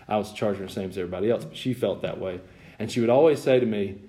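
A man preaching a sermon. He has sinus trouble that makes his voice squeak and creak, and he moves from relaxed folksy storytelling into loud, high emphatic preaching. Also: rapid-fire.

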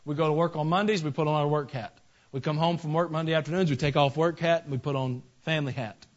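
A man preaches a sermon to his congregation, talking to them plainly and folksily before pressing his points with rising emphasis. His voice sits a little higher than most men's. The recording sounds slightly dull and lo-fi. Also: steady tone, quick pace. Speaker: pastor.

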